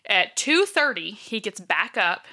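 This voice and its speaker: A woman's voice: mid-range voice, very animated, a little slow, bright, forceful tone. A woman casually retelling a true-crime case from her notes, with many fillers like "um" and "like". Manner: chatty, filler-heavy, checks her notes. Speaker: podcast co-host.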